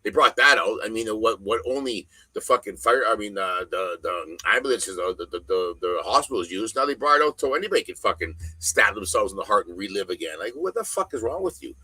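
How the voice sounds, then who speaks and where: A middle-aged man with a low voice and a hard, forceful edge, talking as a podcast guest. He rants bluntly and swears constantly, stressing words hard. The sound is close and dry. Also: lively intonation, brisk, hardly any pauses, husky, no room sound, rough recording. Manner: blunt, heavily profane, emphatic ranting. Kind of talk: casual podcast conversation.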